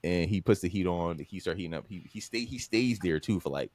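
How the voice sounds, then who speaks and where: A young man, hosting a podcast and telling stories in an animated way, full of fillers, swearing and acted-out voices. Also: low voice, brisk, dry recording. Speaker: podcast co-host. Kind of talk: casual storytelling chat. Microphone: podcast microphone.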